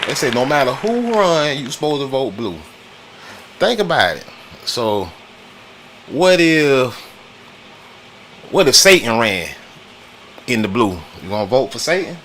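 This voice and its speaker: A man from the United States riffs through a casual talk stream at a middling pitch. He speaks in loose slang, circles back to repeat himself, and breaks off to shout out viewers in the chat. A faint chatter and light noise sit underneath. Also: sing-song, unhurried, pauses often. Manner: slangy, repetitive, greets chat viewers between points. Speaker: livestream host.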